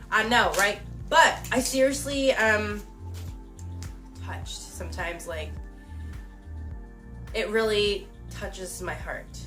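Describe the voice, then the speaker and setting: A woman's voice: a little high, animated, takes it slowly, long pauses, fairly bright tone, soft background music. A young woman YouTuber gushing and giggling as she unboxes a gift on camera at home. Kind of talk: casual emotional unboxing chat. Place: home recording with someone filming. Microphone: camera mic, person filmed by someone else.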